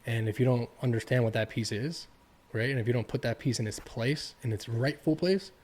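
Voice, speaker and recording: Man, podcast host, casual chat, mellow voice, encouraging. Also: medium pitch, a little fast. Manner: encouraging, affirming. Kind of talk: casual conversation.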